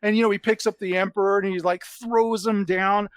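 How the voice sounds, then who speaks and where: A man's voice: sits high, brisk, clear, resonant tone, no room sound. A man hosting a podcast, chatting casually and telling stories with enthusiasm. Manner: enthusiastic, animated storytelling. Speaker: podcast host. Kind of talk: casual chat.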